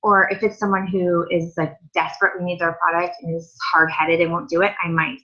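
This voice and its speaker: A woman's voice: lowish voice, little pitch movement, brisk, bright, forceful tone. A woman leading a sales team training, chatty and upbeat with lots of asides. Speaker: team leader. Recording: dull lo-fi audio.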